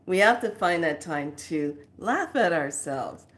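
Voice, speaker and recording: A woman's voice: lowish voice, lively intonation, a little slow. A woman hosting a casual spiritual talk, telling a family story animatedly and laughing often. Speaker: spiritual teacher and host.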